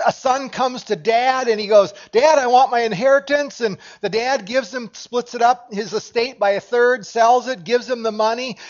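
A pastor delivers a sermon from a church with a notably high-pitched male voice. He talks with his congregation in a conversational way and puts questions to them as he goes. The sound is dull and lo-fi. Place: church sanctuary.

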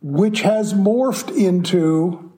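A man hosting a podcast and teaching a live Bible class, speaking in a measured way with pauses, reading scripture aloud. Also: sits high, mellow. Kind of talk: slow, deliberate Bible teaching.

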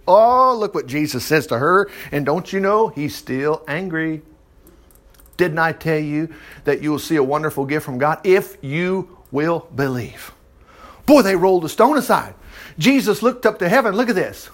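A man teaching from the Bible in a folksy, animated way, breaking in with his own exclaimed asides, then praying. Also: sits high, moderate pace. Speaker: preacher. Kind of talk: informal Bible teaching and prayer.

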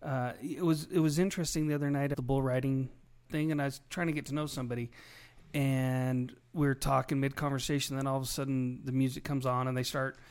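A man's voice: medium pitch, little pitch movement, fast, darkish tone, smooth. A man hosting a podcast, chatty and telling anecdotes with a laugh. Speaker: podcast host. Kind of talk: casual chat.

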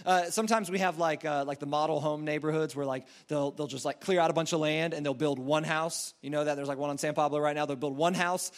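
A man's voice: a little high, fairly even intonation, fast talker, few pauses. A man preaching a sermon in a casual, rambling storytelling way, full of fillers and restarts. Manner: acts out quoted voices in a story.

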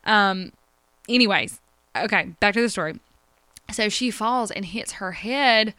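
Emotional woman podcaster, smooth close voice. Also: medium pitch, measured pace, pauses often, pushed and bright, no echo. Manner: emotional, rambling, addresses listeners directly. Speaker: podcast host. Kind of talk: personal confessional chat.

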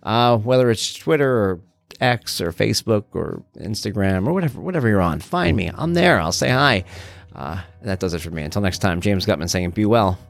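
A middle-aged man hosting a podcast, telling stories in an animated, conversational way. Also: on the low side, brisk, vocal fry. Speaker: podcast host. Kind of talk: casual solo podcast monologue.

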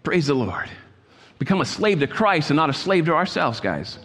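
Preacher guy with a high voice, keeps repeating himself and calling out to the church, long echo around him. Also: very animated, fairly quick. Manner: repetitive, exhorting preacher who swings between quiet asides and loud calls. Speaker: pastor. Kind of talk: sermon.

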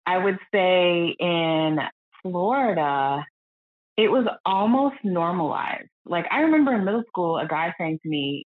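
A woman's voice: fairly low pitch, animated, moderate pace, no echo. An earnest, reflective woman talks openly as a guest, now and then dropping her voice to quote other people. The sound is thin and phone-like. It is dry, with no room around it. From United States. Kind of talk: candid podcast conversation.

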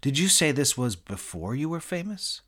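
A man voicing a deadpan male podcast interviewer with a flat, understated delivery. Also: mid-range voice, moderate pace, voice pushed up. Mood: dry.

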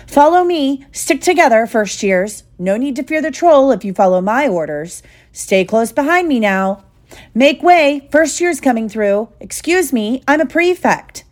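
A woman's voice: high-pitched, expressive, unhurried, voice pushed up. A woman voicing a pompous teenage boy prefect who barks officious orders. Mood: bossy.

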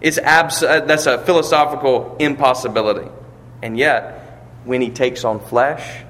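A pastor with a mid-range, fairly bright voice preaches a sermon in a church or funeral hall, building to emphatic peaks and posing rhetorical questions. The large hall gives a long reverb, and there is slight background noise.

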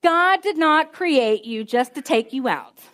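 A woman's voice: sits high, lively intonation, unhurried, a bit bright. A woman voicing a sly, tempting serpent.

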